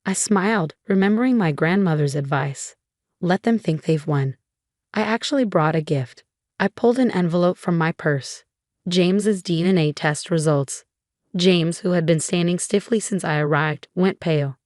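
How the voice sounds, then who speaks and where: A woman reading a scripted first-person story in an even, measured way. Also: lowish voice, no room sound, clean studio sound.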